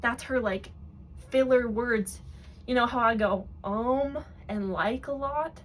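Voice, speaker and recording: A woman's voice: on the high side, a little slow. Lady doing a snarky commentary rant, mocking and fed up. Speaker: commentary video host. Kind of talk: sarcastic commentary.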